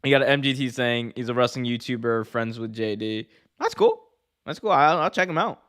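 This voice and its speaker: Male co-host, mid-pitched, dry close sound, rambling and laughing, casual stream chat. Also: fairly quick, fairly bright tone, smooth, no echo. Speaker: podcast co-host.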